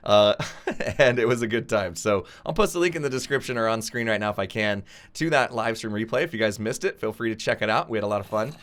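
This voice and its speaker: A young man with a cold talks over his game in a chatty, upbeat way, laughing often. His voice sits a little low for a man's and comes through close on a desk mic. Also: lively intonation, quick pace, fairly bright tone. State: has a cold, voice in and out. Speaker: gaming video host. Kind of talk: casual gameplay commentary.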